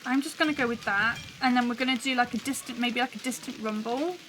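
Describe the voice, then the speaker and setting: A woman's voice: a little high, fast, noisy background. A woman hosting a livestream, chatting and thinking aloud as she builds a soundscape. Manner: chatty, musing, talks to live chat. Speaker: show host building a soundscape live.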